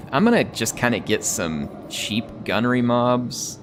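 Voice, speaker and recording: An American man with a mostly neutral General American accent and a slight drawl rambles and chuckles often while streaming a strategy game. His mid-range voice is sing-song and measured, with background noise behind it.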